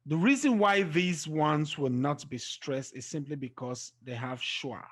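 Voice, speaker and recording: A man gives an exam-prep pronunciation lesson at an unhurried pace. His voice sits a little high, and he counts syllables out loud, one, two, three. He checks in often with a quick "okay?". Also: husky. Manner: drawls example words slowly and trails off at phrase ends. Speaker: English teacher.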